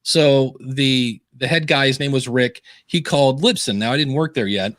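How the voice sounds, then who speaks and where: A man's voice: medium pitch, normal speed, no room sound, studio quality. Chatty man acting out his stories. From Ohio. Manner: animated storyteller acting out quoted voices. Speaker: podcasting guest. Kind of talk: casual interview storytelling. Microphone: video call.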